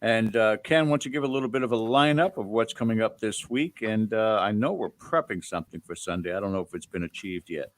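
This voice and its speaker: A man's voice: on the low side, a little fast, hardly any pauses, dry recording. A man hosting a talk show who jokes around and asks long, rambling questions.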